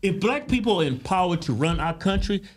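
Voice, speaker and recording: A man's voice: high-pitched, expressive, brisk. A man co-hosting a comedic political talk show, rambling and fumbling his words. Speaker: co-host.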